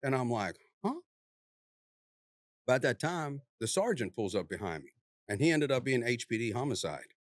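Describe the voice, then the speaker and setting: A police officer telling a story in casual conversation, laid-back and drawling, lively as he acts out the people in it. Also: medium pitch, moderate pace, long pauses, no echo, studio quality. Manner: animated, acts out the people he quotes in a raised voice.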